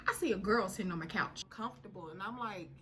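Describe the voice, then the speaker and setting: A young woman telling a personal story in a casual, animated way, full of slang and dramatic retellings. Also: mid-range voice, quick pace, background noise.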